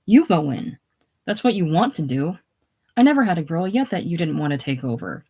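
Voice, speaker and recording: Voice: mid-range voice, big pitch swings, brisk, mellow, slightly rough. A solo reader voicing a prideful, defensive man who snaps at the people around him in a casual play reading. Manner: defensive, snappish. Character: touchy, prideful shaken man.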